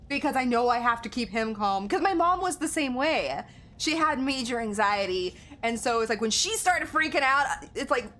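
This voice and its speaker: A woman's voice: on the high side, fairly bright tone. A young woman streaming a game, chatting casually with a friend and her viewers and laughing often. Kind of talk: casual chat while livestreaming a game.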